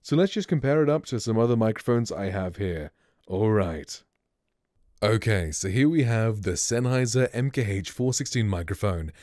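A man's voice: fairly low pitch, animated, normal speed, a little mellow, no echo. A man streamer giving a casual, rambling microphone review, speaking close to a studio mic at his home streaming setup. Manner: laid-back, rambling.

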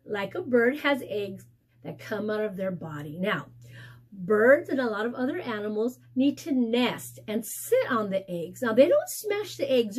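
A woman teacher reading a storybook lesson to young children, sing-song and questioning, praising them and making playful animal sounds. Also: slightly rough. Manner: playful animal sounds and exaggerated pitch swoops.

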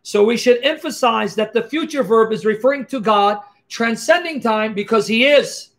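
An emphatic man with a very high-pitched voice teaches scripture to his viewers. He fires off rhetorical questions and punches his points home with sharp exclamations. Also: moderate pace. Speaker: Christian apologist. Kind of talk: animated teaching monologue.

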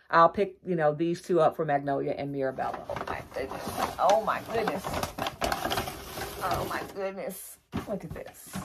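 A woman talks to her viewers in a chatty, easygoing way, calling them y'all. Her voice sits a little low, and she gushes freely. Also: a bit bright. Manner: chatty, addresses viewers as y'all, gushing exclamations. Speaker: lifestyle vlogger. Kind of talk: casual haul video chat.

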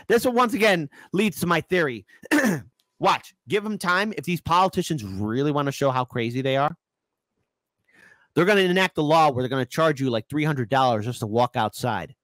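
Animated sarcastic male commentator. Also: fairly high pitch, normal speed, dry recording. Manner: animated, sarcastic, mocking voices. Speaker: political commentary host. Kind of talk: ranting political commentary.

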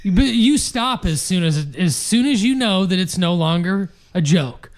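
A young man with a high voice co-hosts a casual podcast chat. He rants and swears in exasperation, and his voice climbs as he complains. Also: expressive, unhurried. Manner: exasperated, ranting, swears a lot. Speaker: podcast co-host.

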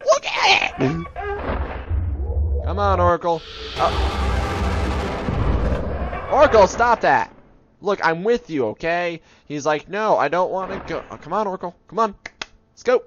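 A man's voice: high-pitched, lively intonation, normal speed, long pauses. A young man casually commenting on a horror game as he plays, joking and talking to a monster as if it were a pet dog. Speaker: gaming video host. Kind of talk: let's play commentary. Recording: dull lo-fi sound with background noise.

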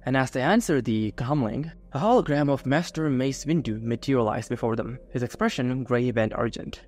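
A man's voice: mid-range voice, moderate pace, few pauses, a little mellow. A man narrating a science-fiction fan-fiction story in a scripted, dramatic storytelling manner. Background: faint music.

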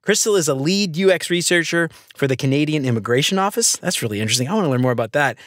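Excitable man hosting, dry sound. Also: a little high, fast, no room sound. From Louisiana. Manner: enthusiastic, jokey, says dude and man a lot. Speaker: podcast host. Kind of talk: casual interview chat.

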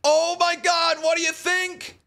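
A man hosting a live stream, calling a simulated wrestling match play-by-play from his desk in an excitable, shouting manner. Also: very high-pitched, measured pace, gravelly. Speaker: streamer and host of the series.

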